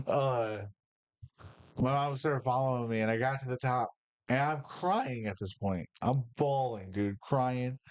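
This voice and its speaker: A mid-range-voiced podcast host from Michigan tells rambling personal stories on a casual show, swearing and getting fired up. The recording has no echo.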